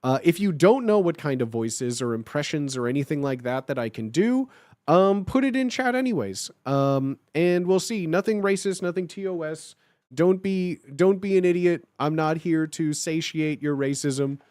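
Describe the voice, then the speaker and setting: A man chatting casually with his livestream viewers, talking in a halting way with lots of filler sounds and restarts. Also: fairly high pitch, expressive, darkish tone, no room sound, clean studio sound.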